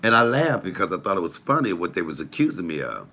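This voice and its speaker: Animated laughing man with gravelly voice. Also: low voice, fast, a little hiss or hum. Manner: animated, laughing, rambling anecdotes. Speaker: live stream host. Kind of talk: casual storytelling on a live stream. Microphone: phone.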